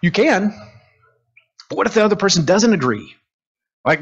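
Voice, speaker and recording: Male teacher, fairly high husky voice, lively lecture style, dull lo-fi room recording. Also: moderate pace, pauses often. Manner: animated, asks the room questions, acts out quotes. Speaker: teacher leading a group class. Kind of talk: conversational classroom lecture.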